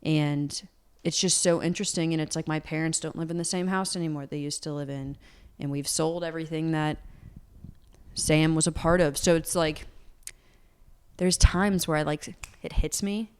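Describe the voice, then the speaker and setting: A woman's voice: low-pitched, fairly even intonation, moderate pace, a little mellow, clear, resonant tone. A young woman singer-songwriter talking openly in an interview, earnest and candid, peppering her speech with "like.". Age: young adult. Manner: earnest, open, heavy use of "like".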